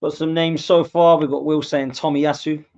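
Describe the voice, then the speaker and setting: An English man hosts a live watchalong and talks through the match as it happens, his voice a touch high. He erupts into shouts when the team scores. The sound is muffled and lo-fi. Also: moderate pace. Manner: excitable, shouts at goals, reads out viewer comments. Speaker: podcast host doing a live watchalong. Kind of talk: live match commentary and fan reaction. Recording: dull lo-fi mic.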